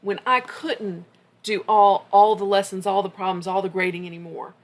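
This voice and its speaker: A woman's voice: mid-range voice, fairly even intonation, normal speed. A middle-aged woman co-hosting a podcast, telling stories in a casual, anecdotal way. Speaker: podcast co-host. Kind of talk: casual conversation.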